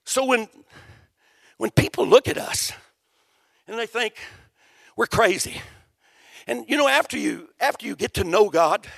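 A man preaching a sermon with a very high voice and a gravelly edge. He tells his story in a folksy way and builds to fervent shouts. The sound is dry and close. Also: lively intonation, measured pace, long pauses, dry recording. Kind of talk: sermon testimony.

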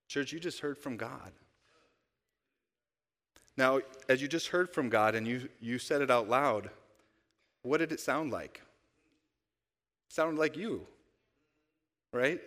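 A man's voice: medium pitch, measured pace, long pauses, fairly bright tone. A male pastor giving a conversational sermon, asking the congregation rhetorical questions. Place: church sanctuary. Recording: long church-hall reverb.

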